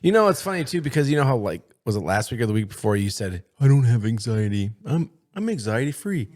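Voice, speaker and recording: A man with a lively, swooping voice teases his co-host relentlessly. He pushes hard in loose, profane podcast banter, at an everyday pitch. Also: fast. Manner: teasing, pushy banter. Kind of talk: casual chat.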